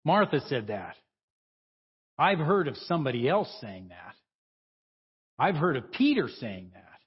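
A man delivers an informal, conversational sermon, his husky voice rising and falling with lively inflection. He talks in loose asides and chuckles between points. The recording sounds dull and lo-fi. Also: mid-range voice, unhurried. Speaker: preacher.

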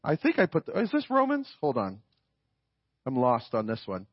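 A man's voice: mid-range voice, wildly swooping pitch, normal speed, breathy edge, dry recording, muffled recording. A man preaching a sermon in a conversational way, often checking in with his listeners. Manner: conversational, often adds "right?".

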